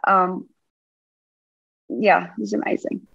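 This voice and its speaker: A woman pastor with a Southern US accent, speaking in a relaxed, affectionate way during an interview. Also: fairly low pitch, gravelly, husky, no echo, highs cut off. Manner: affectionate, unhurried with fillers. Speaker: pastor and guest. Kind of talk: casual interview chat.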